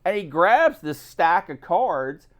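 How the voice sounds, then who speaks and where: A man chatting casually as a co-host, his pitch jumping all over as he tells stories. He acts out other people's lines with big swings in his voice. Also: very animated, slow pace. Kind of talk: casual chat.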